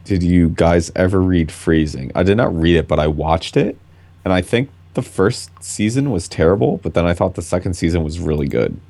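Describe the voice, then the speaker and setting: Young male co-host, very deep and gravelly, lively intonation, relaxed banter. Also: normal speed. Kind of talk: casual chat.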